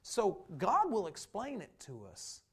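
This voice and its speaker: A man's voice: sits high, huge pitch swings, measured pace, husky. A man preaching a sermon from the pulpit, talking conversationally and acting out quoted lines. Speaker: pastor.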